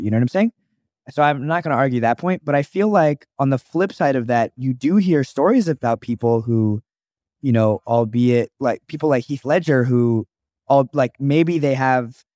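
A man's voice: medium pitch, darkish tone, no echo, studio quality. A young man co-hosting a podcast in a casual chat, rambling and restarting his sentences with many "like"s. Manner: rambling, restarts often, says "like" a lot. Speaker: podcast co-host, actor.

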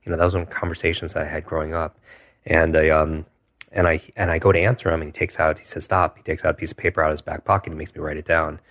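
Guy in his 40s, super low voice, pretty flat delivery, earnest storytelling as a guest. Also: rapid-fire. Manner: earnest and reflective, with frequent "if you will" asides. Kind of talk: personal storytelling in an interview.

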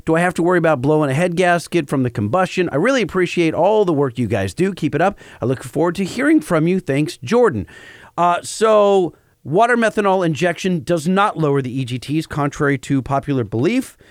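A man's voice: fairly high pitch, expressive, fairly quick, no echo, studio quality. A man co-hosting a podcast, chatting casually and reading listener questions before explaining technical points. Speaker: podcast co-host.

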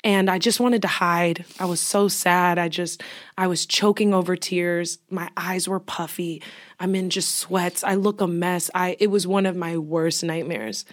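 A woman's voice: on the low side, fairly even intonation, measured pace. A young woman co-hosting a podcast, sharing a personal story in casual chat and often sinking into a near whisper. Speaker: podcast co-host.

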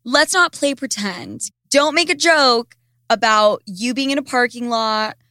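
A woman's voice: fairly high pitch, a little slow, no echo, studio quality. A young woman chatting frankly on a podcast, blunt and profane, telling stories with lots of energy. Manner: blunt, profane, animated storytelling. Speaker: podcast co-host. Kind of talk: frank casual chat.

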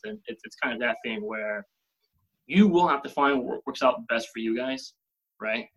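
Husky man giving relationship advice. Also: mid-range voice, expressive, fairly quick, a bit bright, poor audio. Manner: explains with examples, many fillers. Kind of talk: casual podcast discussion.

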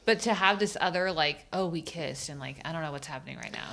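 A woman's voice: low voice, quick pace, gravelly, sharp tone. A middle-aged woman co-hosting a podcast, chatting casually and with exasperation as she recaps a TV episode, swearing freely. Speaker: podcast co-host.

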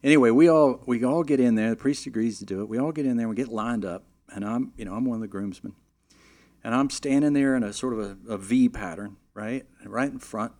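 A middle-aged man telling a long, animated anecdote in a casual way, with frequent "you know" fillers and restarts. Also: mid-range voice, brisk. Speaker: storyteller.

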